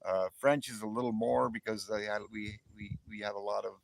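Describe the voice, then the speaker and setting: A man's voice: on the low side, steady tone, brisk, creaky, a little hiss or hum. A man in his fifties from near the northern border, hosting a casual livestream chat and rambling, with frequent word repeats and chuckles. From northern New York near the Canadian border. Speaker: livestream host. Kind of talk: casual live chat with viewers.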